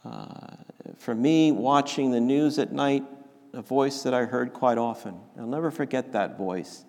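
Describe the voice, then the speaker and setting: A man preaching a sermon, slow and emphatic, often restarting his phrases. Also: medium pitch, a little mellow. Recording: long reverb of a large hall.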